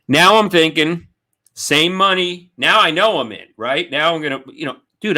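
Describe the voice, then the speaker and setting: A man's voice: fairly high pitch, expressive, moderate pace, sharp tone. A man with a New York accent telling a story animatedly on a video call, swearing and acting out quoted voices. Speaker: comedian guest. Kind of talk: casual storytelling chat.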